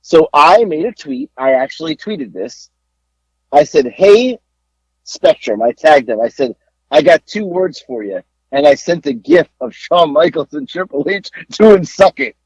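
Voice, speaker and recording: A man co-hosting a podcast, telling a story in a casual, animated way and acting out the people he talked to on the phone. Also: a little high, measured pace, husky, no room sound. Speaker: podcast co-host. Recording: dull lo-fi dry sound.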